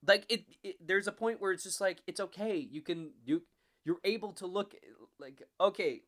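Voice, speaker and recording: A man in his twenties giving a casual, animated book review, swearing often and acting out the characters' lines. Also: high voice, normal speed. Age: 20s. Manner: animated, profane, frequent "like" fillers, acts out characters.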